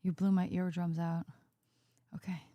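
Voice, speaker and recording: A woman's voice: lowish voice, little pitch movement, no echo, muffled recording. A woman livestreaming, chatting casually with a friend on a call and reading chat messages aloud. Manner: chatty, reads chat aloud, quick asides. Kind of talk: casual chat on a live stream.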